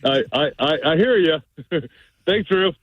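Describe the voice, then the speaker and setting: A man's voice: a little high, animated, measured pace, dry recording. A man on a dry, tinny phone line calls in to a radio show. He stammers over his words and lets his sentences trail off. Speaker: caller. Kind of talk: call-in radio talk.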